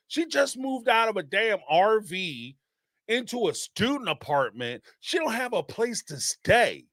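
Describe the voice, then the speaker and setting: A man with a high voice talks through a live commentary stream, animated and emphatic, often repeating a line to hammer it home. The sound is dry and close. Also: moderate pace, no echo. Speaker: host of a reality TV commentary channel.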